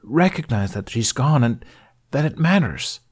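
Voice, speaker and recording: A man voicing a young male apprentice who is emotional and resentful, speaking higher than his own voice in a sulky, pleading way. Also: sing-song, unhurried, slightly rough. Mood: anguished. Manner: sulky, pleading, voice rising when upset.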